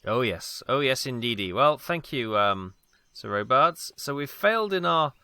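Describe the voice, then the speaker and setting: A Welsh British man hosting a let's play gives casual, rambling commentary on the game he's playing, full of ums and asides. His medium-pitched voice is sing-song, bright, forceful, and smooth, a little slow, recorded dry on a close mic at home.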